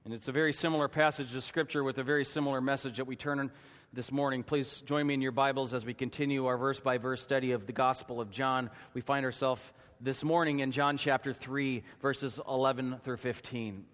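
A man preaching a sermon in a church, telling a story dramatically and rising to shouts at its peak. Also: mid-range voice, fairly even intonation, brisk, in a large hall. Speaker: pastor. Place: church sanctuary.

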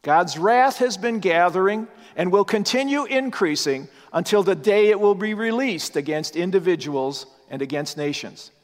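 High-voiced preacher in a reverberant space. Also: male voice, animated, normal speed, few pauses. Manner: earnest, emphatic scripture teaching with rhetorical questions. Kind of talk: sermon.

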